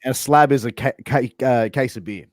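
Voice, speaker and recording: A man's voice: medium pitch, a little fast, no echo, clean studio sound. An Australian man hosting a casual interview, playfully quizzing his guest on slang and explaining each word with an example. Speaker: host.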